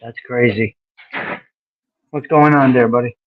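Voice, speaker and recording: A man calling in to a livestream, talking loudly and excitably and laughing often. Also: mid-range voice, unhurried, no room sound. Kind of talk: casual livestream chat. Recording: dull lo-fi call audio.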